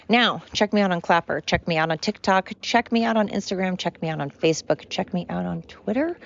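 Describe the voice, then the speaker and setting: A woman's voice: fairly low pitch, vocal fry, dull audio. A woman hosting her own podcast, rambling earnestly and repeating herself. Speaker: podcast host. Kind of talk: casual solo podcast rambling.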